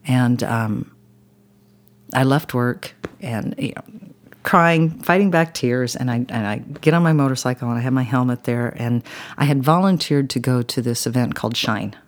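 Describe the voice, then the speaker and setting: A woman's voice: very deep voice, normal speed. A woman telling a personal story as a podcast guest. She talks in an earnest, rambling way with many "you know" asides. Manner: emotional, intense when recalling the crash.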